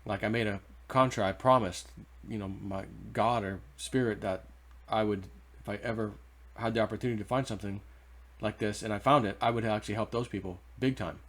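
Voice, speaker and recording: A man's voice: on the low side, fairly even intonation, a little fast. A man casually telling a personal story to his viewers, rambling with restarts and asides. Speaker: vlogger.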